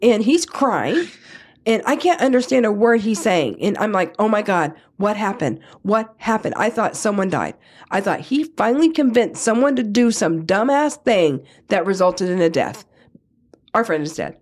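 A middle-aged woman co-hosting a podcast, telling a story in a casual chat, swearing freely and acting out the quotes in a higher voice. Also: moderate pace. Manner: animated storyteller, acts out quotes with a raised pitch, swears freely. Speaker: podcast co-host.

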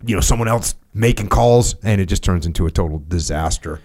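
A man hosting a podcast, chatting casually and relaxed, trading stories with a guest. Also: deep voice, fairly quick. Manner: relaxed, says "bro". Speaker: podcast host. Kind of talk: casual chat.

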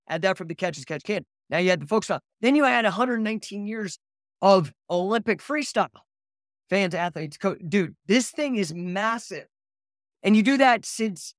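Excitable rambling podcast host man. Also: sits high, dry recording, studio quality. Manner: excitable, rambling, says "dude" and "man" a lot. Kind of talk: casual livestream chat.

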